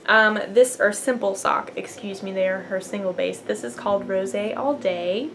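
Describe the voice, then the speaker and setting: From her apartment at home, a young woman chats casually to camera for her knitting podcast, bubbly and full of fillers. She speaks at medium pitch and normal speed against a noisy background.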